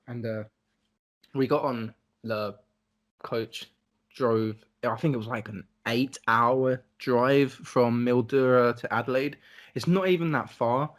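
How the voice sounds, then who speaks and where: Young guy on a podcast, loose rambly travel story, lots of "like" and cursing, average pitch. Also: steady tone, slow pace. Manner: rambling and swearing, heavy on "like". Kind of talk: casual chat.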